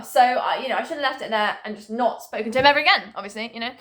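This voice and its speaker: Bright, chatty young woman. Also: a little high, very fast, few pauses. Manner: chatty and animated, swears freely, laughs often. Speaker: vlogger. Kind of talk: casual storytime monologue.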